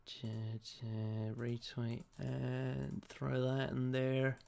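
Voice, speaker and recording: A man's voice: mid-range voice, little pitch movement, very slow, vocal fry, a little mellow, slight background noise. A man hosting a casual podcast chat, laughing often and tripping over his words as he talks. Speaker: podcast host.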